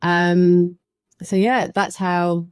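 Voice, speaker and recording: Give me a low-pitched woman recounting her story with lively, acted-out quotes, recorded dry. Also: extremely slow, clear, resonant tone, dry recording. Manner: animated, acts out quoted voices. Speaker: guest, facilitation trainer. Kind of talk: conversational storytelling.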